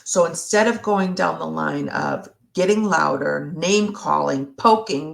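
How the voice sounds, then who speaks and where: A woman therapist in a live Q&A, speaking slowly and reflectively, sometimes acting out what a partner might say. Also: low-pitched, creaky. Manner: slow, reflective, acts out partner's words. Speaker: relationship therapist. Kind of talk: live Q&A discussion.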